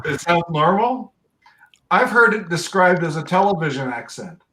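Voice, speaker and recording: A man's voice: sits high, animated, normal speed, a crowd in the background. A man from Canada in casual chat, asking cheerful questions.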